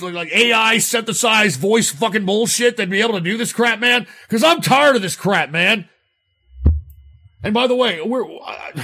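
A man's voice: high-pitched, creaky, bright, forceful tone, breathy edge. A man hosting a comedic radio call-in show, ranting in exasperated, profane outbursts. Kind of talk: comedic rant between calls.

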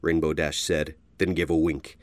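A man giving an expressive storybook narration. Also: a bass voice, moderate pace, no echo.

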